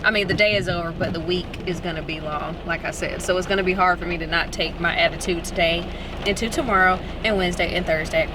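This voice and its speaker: A woman's voice: on the low side, steady tone, fast, distant mic. A woman ranting sarcastically in a casual vlog while she drives home, swearing a lot. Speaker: vlogger. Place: car, driving home. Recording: loud road noise in a car.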